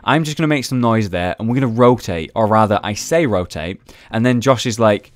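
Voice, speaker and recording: A man's voice: fairly low pitch, lively intonation, fairly quick, dry recording, studio quality. A young man chatting casually over gameplay footage, recapping rounds and swearing freely. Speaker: gaming video host.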